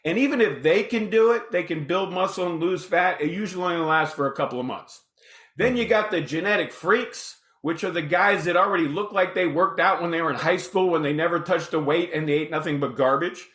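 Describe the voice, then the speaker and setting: A man in his fifties, a podcast guest telling his story in a casual, animated way and acting out the dialogue. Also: on the high side, brisk. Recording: roomy echoey room.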